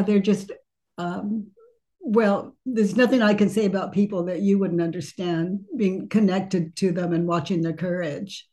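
Slow, gentle woman author as guest. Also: mid-range voice, fairly even intonation. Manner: slow, gentle, halting, trailing off. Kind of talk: casual interview chat.

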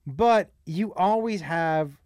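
A man's voice: high-pitched, slow, a little mellow, smooth, no room sound, clean studio sound. A man hosting a podcast, joking bluntly and playfully in a casual conversation.

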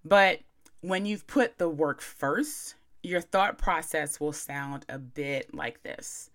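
A woman's voice: slow, fairly bright tone. A young adult woman hosting a self-help podcast, talking candidly and playfully in casual slang.

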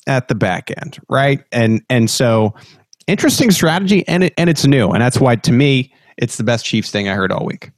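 A man's voice: mid-range voice, animated, moderate pace, dry recording. Casual sports podcast host, man. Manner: conversational, laughs easily.

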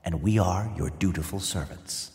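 A man voicing polite invisible servants in a soft, hushed, formal voice. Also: deep voice, normal speed, long reverb tail, pitched below the performer's own voice. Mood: dutiful.

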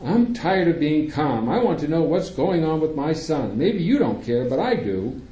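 A man voicing an anxious, dramatic middle-aged mother who speaks in shrill outbursts. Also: very animated, normal speed, dark tone, reverberant, lo-fi sound. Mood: upset.

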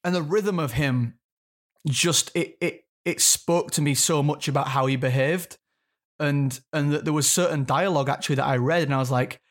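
A man's voice: a little high, normal speed. An English man speaks as an actor guest in a casual interview. He thinks aloud and often restarts his sentences as he works his ideas out.

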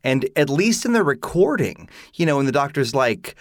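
A man chatting on a musical theatre podcast, animated and opinionated, full of "like" asides. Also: medium pitch, moderate pace, no echo, studio quality. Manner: animated, opinionated, many "like" fillers. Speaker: podcast panelist. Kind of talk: casual chat.

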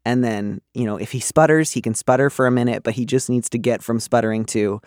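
Gentle chatty man giving advice, dry sound. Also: medium pitch, steady tone, a little fast, no echo. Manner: gentle, chatty, many fillers. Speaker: advice columnist host. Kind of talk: casual advice podcast chat.

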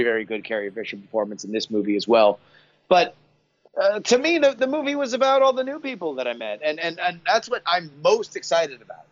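A man guest on a podcast, giving animated, emphatic opinions in casual chat. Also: medium pitch, no echo. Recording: dry, slightly dull sound.

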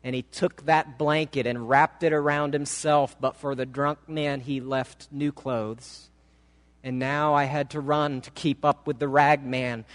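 A man preaching in a church, telling a story slowly and with feeling. His voice sits fairly high for a man, and each phrase is drawn out with deliberate pauses. A long hall reverb hangs on every word. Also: a little mellow. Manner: dramatic, slow, emotive reading. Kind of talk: sermon storytelling. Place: church sanctuary.

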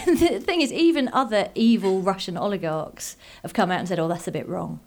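A woman's voice: medium pitch, fairly quick, slight background noise. A woman comedian chats as a guest in a mid-range voice. She is self-mocking, riffs freely, and laughs often. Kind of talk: casual chat.

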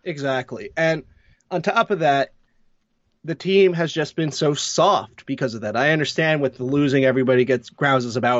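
A man's voice: mid-range voice, normal speed, no echo, muffled recording. A man, a hockey blogger co-hosting a casual sports podcast, ranting with sarcasm about his team's coaching.

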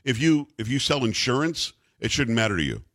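An animated male talk radio host, middle-aged or older, with a lively, swooping delivery. He rambles and sounds incredulous. His voice is close and dry in the studio. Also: medium pitch, a little fast, no echo. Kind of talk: casual talk radio chat.

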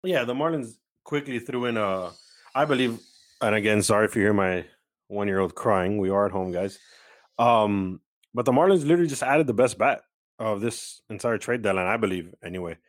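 A man's voice: on the low side, brisk, no echo. A man hosting a sports podcast from home, chatting in an upbeat, casual way with plenty of fillers. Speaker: podcast host.

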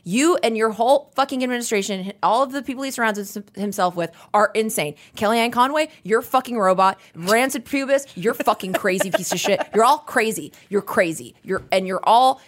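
A woman's voice: on the high side, brisk, few pauses. A woman co-hosting a podcast, ranting in a casual political chat that is profane and emphatic, hammering her points. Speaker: podcast co-host.

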